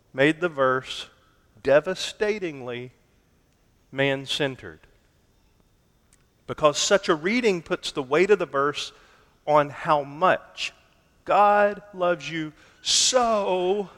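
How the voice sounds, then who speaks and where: A man preaching a sermon, deliberate and emphatic, stretching key words for weight. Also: on the high side, a bit bright. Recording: long hall reverb.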